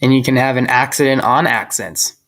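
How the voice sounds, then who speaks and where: A young man hosting a casual podcast chat, talking in a hesitant, halting way with frequent restarts. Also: mid-range voice, steady tone, a bit bright. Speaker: host.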